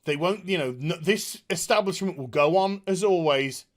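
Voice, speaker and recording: A video reviewer ranting through a TV episode review, sarcastic and profane, exasperated, sometimes shouting and mocking characters in put-on voices. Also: mid-range voice, moderate pace. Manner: shouts at times.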